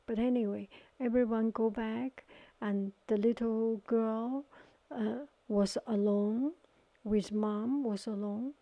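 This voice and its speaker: A woman telling a story in a soft-spoken ASMR style, halting and searching for words, often slipping into a whisper. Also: mid-range voice, vocal fry. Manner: partly whispered. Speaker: watercolor ASMR artist.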